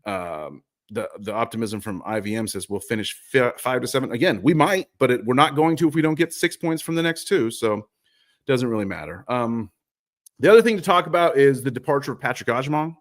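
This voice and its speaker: A man's voice: medium pitch, animated, brisk. A man hosts a live soccer talk show in an easy, rambling way. He keeps doubling back on his words, teases himself and swears now and then. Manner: rambling, profane, self-mocking. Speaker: podcast host. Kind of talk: casual live soccer chat.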